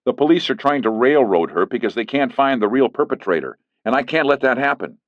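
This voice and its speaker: A man's voice: medium pitch, expressive, brisk, no room sound, voice pushed up, lightly acted. A man voicing a firm, defensive leading man. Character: firm middle-aged man, a lawyer. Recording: dull lo-fi recording.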